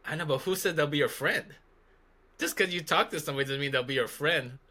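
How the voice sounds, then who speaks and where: Bright-voiced man chatting casually. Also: fairly high pitch, quick pace. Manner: rambling, jokey, thinks aloud. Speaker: podcast guest, gunsmith. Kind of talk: casual conversation.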